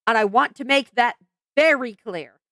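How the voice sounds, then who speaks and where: A woman's voice: a little high, moderate pace, fairly bright tone, no echo. A woman venting in a commentary vlog, frank and exasperated, swearing and restarting her sentences with lots of fillers. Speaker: vlogger.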